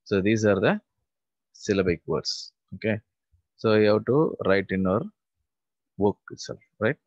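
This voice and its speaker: A man's voice: on the low side, measured pace, no echo. A male teacher giving a vocabulary lesson, repeating each word several times and spelling out letters. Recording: dull lo-fi recording.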